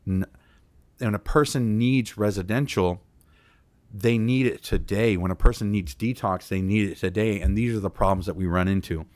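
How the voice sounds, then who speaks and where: A man's voice: on the low side, normal speed, darkish tone. A man on a community town hall panel, explaining treatment barriers earnestly with frequent fillers. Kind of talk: panel discussion talk.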